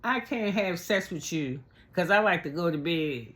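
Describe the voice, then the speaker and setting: A woman imitating an upset, pleading woman from a reality show, voice pushed high and whiny. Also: expressive, moderate pace, a bit bright.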